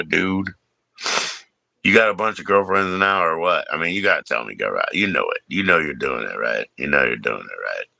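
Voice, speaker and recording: A man's voice: low voice, vocal fry, pushed and bright, no room sound. A man hosting a livestream in casual chat, joking, teasing and swearing freely. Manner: joking, profane, teasing banter. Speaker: livestream host.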